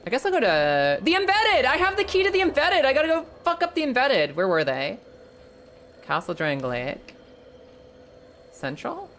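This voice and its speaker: A young woman streaming a game live, chatting casually, swearing freely and jumping into high excited squeals. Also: a little hiss or hum.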